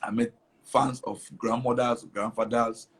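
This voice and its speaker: A man's voice: medium pitch, little pitch movement, measured pace, slightly rough. A young man from Cameroon, telling his story animatedly in an interview, repeating words and slipping into Pidgin. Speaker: comedian guest.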